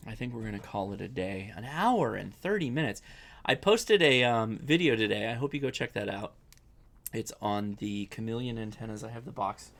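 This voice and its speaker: A man's voice: on the low side, expressive, moderate pace, fairly bright tone. A young adult man hosting a casual live-stream Q&A, chatty and rambling, often correcting himself as he answers viewer questions.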